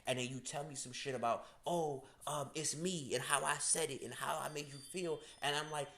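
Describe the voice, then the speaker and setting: Man, middle pitch, blunt, profane, slangy, casual rant. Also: normal speed, few pauses, bright, forceful tone. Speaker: astrology channel host. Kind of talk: casual direct-to-camera rant.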